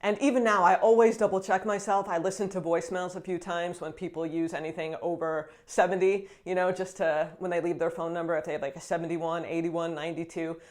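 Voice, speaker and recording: A woman's voice: lowish voice, steady tone, fairly quick, few pauses, a little mellow. A woman in her thirties, from the United States, chatting straight to camera for her vlog. Her delivery is upbeat and conversational, sprinkled with fillers and easy laughter as she explains everyday frustrations. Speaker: vlogger. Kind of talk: casual vlog talk to camera.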